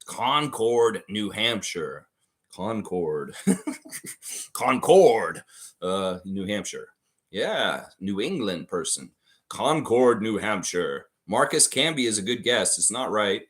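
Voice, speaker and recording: A man hosting a live trivia stream in a casual, excitable way, reading out chat names and answers. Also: on the low side, takes it slowly. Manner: excitable, breaks into loud whoops and laughs, reads chat names.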